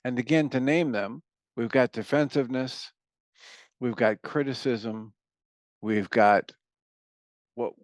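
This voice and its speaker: A man's voice: mid-range voice, slow pace, long pauses, no room sound. Male podcast host, dry close sound. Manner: summarizing and recapping for listeners. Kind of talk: conversational interview.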